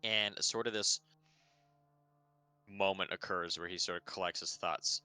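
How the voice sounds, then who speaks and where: A man running a tabletop game as dungeon master, narrating casually with many pauses and fillers. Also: low-pitched, fairly even intonation, bright, forceful tone, clean tone, no room sound, soft background music.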